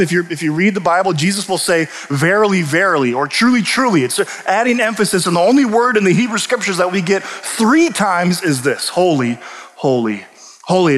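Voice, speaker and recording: A man preaching a sermon, animated and emphatic, often restarting his sentences. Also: high-pitched. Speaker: pastor and teacher. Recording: long reverb of a large hall.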